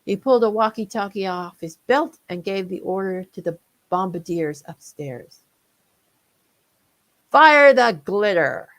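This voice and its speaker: A woman narrating her own comic holiday parody aloud. Her reading is lively and playful, like a storybook read to an audience. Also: fairly low pitch, moderate pace.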